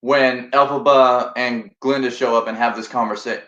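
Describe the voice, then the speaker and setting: A mid-pitched host chats in a relaxed, matter-of-fact way. The voice sounds roomy and a bit dull, like a lo-fi stream. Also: normal speed, a little hiss or hum. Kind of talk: casual livestream chat.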